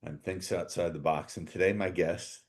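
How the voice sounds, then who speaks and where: A man's voice: sits low, steady tone, normal speed. A man hosting a podcast interview, joking and talking with theatrical emphasis. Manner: playful, jokey, theatrical emphasis. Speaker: podcast host.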